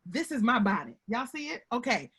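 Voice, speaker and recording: A woman speaking from home over a video call, with a husky voice that swoops high and low. Her tone is bright and fairly high. She talks to her audience in a chatty, animated way and keeps calling them y'all. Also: a little fast. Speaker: guest speaker on workplace relationships. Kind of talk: lively webinar talk.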